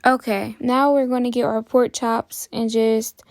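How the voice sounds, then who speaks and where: A woman hosting a cooking channel, talking viewers through a recipe in a chatty, relaxed way. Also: a little high, measured pace, gravelly, a little hiss or hum. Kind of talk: casual cooking tutorial.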